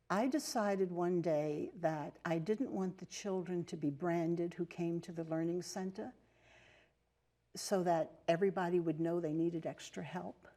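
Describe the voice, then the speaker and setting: An older American woman speaks in a lowish, mellow voice. She tells her stories unhurriedly in a TV interview, with fillers and restarts. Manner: warm storytelling with fillers and restarts. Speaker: interview guest, nun and teacher. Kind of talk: casual interview talk. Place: TV studio.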